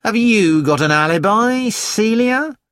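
A teasing, flippant young male student whose voice rises higher than the reader's own, as an audiobook reader puts him on. He speaks slowly, close to a dry mic. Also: animated, a bit bright, dry recording. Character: thin young man student, teasing and mischievous. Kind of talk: audiobook character voice.

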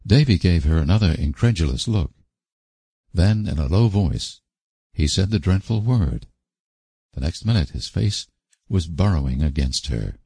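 A man reads a classic novel aloud in a low, gravelly voice with a husky grain. His pitch moves a lot as he tells the story, and the close, dry recording has no room sound. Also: no room sound. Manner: measured, expressive reading. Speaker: narrator. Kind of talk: audiobook narration.

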